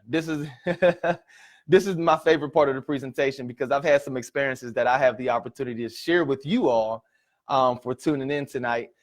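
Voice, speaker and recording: A man giving a motivational presentation to an audience, telling stories in an animated way and often checking in with "right?" and "ladies and gentlemen.". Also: a little high. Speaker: motivational speaker.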